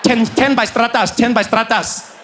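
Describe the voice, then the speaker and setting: High-ish voiced guy telling a stand-up story, playful and animated, bit of noise behind. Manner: animated, playful, quick impressions. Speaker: stand-up comedian.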